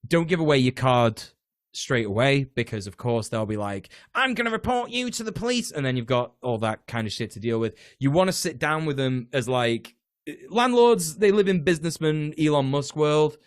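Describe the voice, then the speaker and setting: A British man talks in an easy, sprawling way, stumbling over restarts and throwing in the occasional swear word. His voice sits at an ordinary pitch, and the recording is dry with no room sound. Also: normal speed, smooth, no room sound. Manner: rambling, many fillers and restarts, swears. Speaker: podcast guest, tenants union organizer. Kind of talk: casual political chat.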